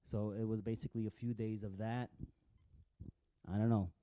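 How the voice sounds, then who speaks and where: A man rambles through casual commentary on video clips. He swears freely and stumbles over repeated words. His voice is deep-toned and very mellow, and the recording is close and dry. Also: flat delivery, moderate pace, no echo. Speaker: vlogger.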